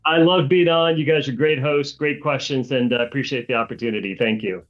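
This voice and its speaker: A man as an interview guest, answering earnestly and in a measured way, with clear enthusiasm. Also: medium pitch, lo-fi sound, faint music behind. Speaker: guest, energy analyst.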